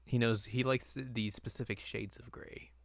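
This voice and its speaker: A man's voice: medium pitch, fairly even intonation, normal speed, gravelly, no echo. A man co-hosting a podcast, talking casually and jokingly about anime with lots of fillers. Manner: easygoing, jokey, filler-heavy. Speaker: podcast co-host.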